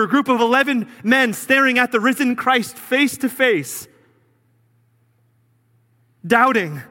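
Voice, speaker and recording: A man preaching a sermon as pastor, earnest, sometimes dropping low and quiet for emphasis. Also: big-room sound.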